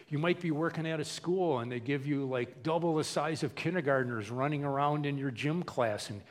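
A man's voice: a little high, normal speed, hardly any pauses, big-room sound. A male pastor preaching a folksy, conversational sermon full of repetition.

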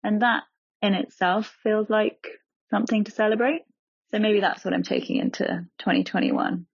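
A woman giving a reflective, measured recorded message. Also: medium pitch, fairly even intonation, vocal fry, slightly rough, no echo, dull audio.

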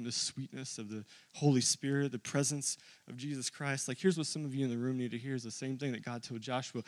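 A male pastor giving a sermon in a casual, confiding way, often saying "dude" and "like". He moves from quiet storytelling to loud, fervent preaching. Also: dry recording. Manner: builds from quiet, low storytelling to loud, high-pitched preaching.

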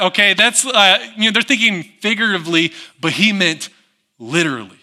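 A man preaching a sermon, who acts out the people in the story and drops to a hush on reflective lines. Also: high-pitched, a little fast. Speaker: pastor.

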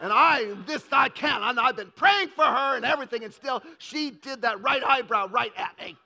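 A man acting out an exasperated young woman who complains loudly to her boyfriend. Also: very high-pitched, moderate pace, creaky, full character voice. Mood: indignant. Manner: exasperated, shouting.

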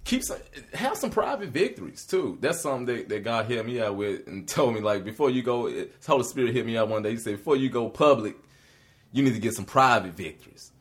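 Male co-host, casual faith talk, very expressive pitch, laughs often, preachy. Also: fairly quick.

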